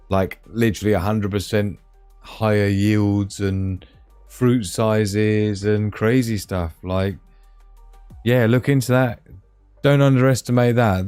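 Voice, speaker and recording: A man's voice: lowish voice, darkish tone, clear, resonant tone, no echo. A man hosting a live stream, chatting to viewers in a rambling, casual way. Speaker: livestream host.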